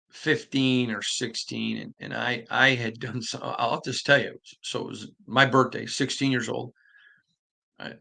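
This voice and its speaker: A man hosting a sports podcast, telling stories in an animated, conversational way with frequent restarts. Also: medium pitch, gravelly. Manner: animated storytelling with repeated restarts. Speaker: podcast host. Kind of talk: casual podcast monologue.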